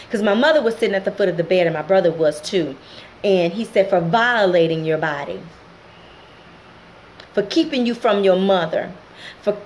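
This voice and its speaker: A woman's voice: on the high side, a little hiss or hum, low-quality recording. A middle-aged woman, speaking straight to her viewers as she recounts a painful family story. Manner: emotional, direct address to viewers. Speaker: channel host. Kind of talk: personal testimony vlog.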